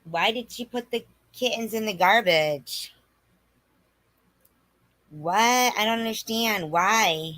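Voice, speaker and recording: A woman's voice: medium pitch, takes it slowly, pauses often, a bit bright. A woman commentating on a clip, reacting with incredulous, repeated questions.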